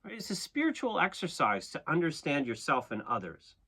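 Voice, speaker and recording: A man's voice: a little high, wildly swooping pitch, brisk, pushed and bright, husky. A man giving a casual, conversational tarot reading, often checking in with "okay?" and "right?" and laughing at himself. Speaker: tarot reader and astrologer.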